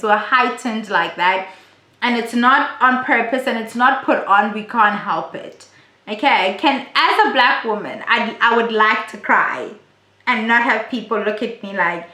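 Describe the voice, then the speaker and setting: A woman's voice: fairly high pitch, lively intonation, moderate pace, bright, forceful tone. Blunt woman in a roomy room. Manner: chatty, blunt and profane. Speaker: reality TV recap vlogger. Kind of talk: casual recap commentary. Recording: roomy echo.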